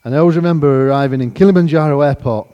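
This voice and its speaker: A man giving an animated storytelling testimony, acting out the conversations as he goes. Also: fairly high pitch, rapid-fire, long reverb tail, lo-fi sound.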